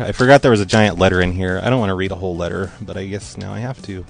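A man's voice: low-pitched, steady tone, rapid-fire, creaky, soft background music. A man hosting a podcast, chatting casually and rambling as he reads listener mail aloud in a hurry. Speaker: podcast host. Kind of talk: casual monologue.

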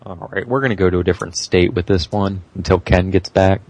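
A young man making a prank phone call, speaking deadpan while posing as a doctor and a corporate officer. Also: low-pitched, fairly quick. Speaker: prank caller.

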